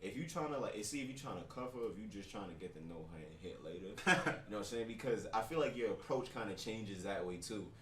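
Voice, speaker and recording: Animated young man, echoey and distant. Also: fairly low pitch, quick pace, few pauses, a little hiss or hum. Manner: animated, acts out quotes. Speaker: podcast co-host. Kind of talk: casual chat. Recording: roomy echo, from off mic.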